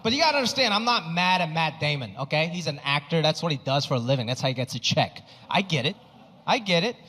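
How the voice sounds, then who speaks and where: A male stand-up comedian performing a live set, animated and acting out other people's voices. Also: fast. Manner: animated, acts out other people with big pitch jumps. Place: comedy stage before a live audience. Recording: live hall reverb with crowd noise.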